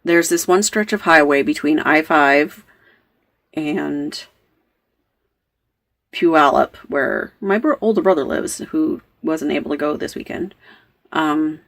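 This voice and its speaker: Woman in her thirties, knitting podcast host, low voice, gravelly fry, chatty rambling travel story. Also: takes it slowly, pauses often. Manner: chatty and rambling, with frequent fillers and asides. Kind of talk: casual storytelling chat.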